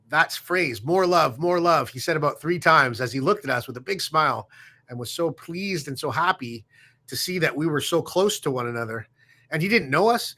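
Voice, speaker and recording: A man, a guest on a show, telling a story in a reflective way, with fillers and pauses. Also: fairly high pitch. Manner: warm, reflective, halting with fillers. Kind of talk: casual storytelling.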